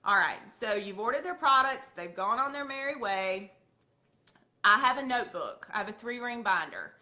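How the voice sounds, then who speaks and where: A woman's voice: fairly high pitch, animated, moderate pace, sharp tone. A woman with a Southern accent giving a sales training talk, chatty, acting out her talks with customers. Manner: chatty, acts out customer dialogue.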